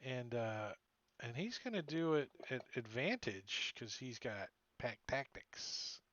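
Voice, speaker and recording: A man's voice: medium pitch, sing-song, slow pace, a bit bright, no echo. A man running a tabletop game as dungeon master, narrating casually with filler words and frequent laughs, over dull lo-fi stream audio.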